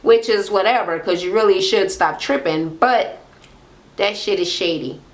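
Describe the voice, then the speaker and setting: A woman's voice: mid-range voice, normal speed. A woman in casual chat recapping a reality show, blunt and profane, gossiping and acting out what people said.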